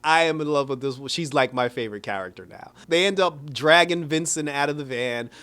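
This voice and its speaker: A man recapping an episode in a casual video review, chatty and animated, often laughing. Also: on the high side, fairly quick, clear, resonant tone. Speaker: show reviewer.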